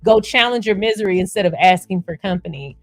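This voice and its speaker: A woman's voice: medium pitch, fast talker, no room sound, faint music behind. A woman hosting a livestream, blunt and sarcastic, reading viewer comments and laughing often. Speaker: livestream host.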